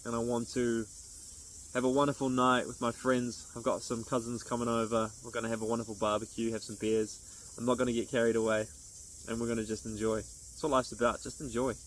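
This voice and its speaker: A man's voice: medium pitch, flat delivery, brisk, a little hiss or hum, poor audio. A man talking to camera as a vlogger in an earnest, rambling, upbeat way, with restarts. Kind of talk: casual motivational monologue to camera.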